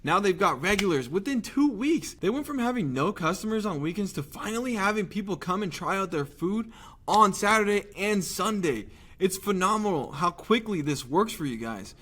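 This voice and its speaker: A young man talking straight to the viewer in a lively, conversational sales pitch, tossing out rhetorical questions. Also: normal speed. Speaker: marketing agency owner pitching local businesses. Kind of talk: direct-to-camera sales pitch.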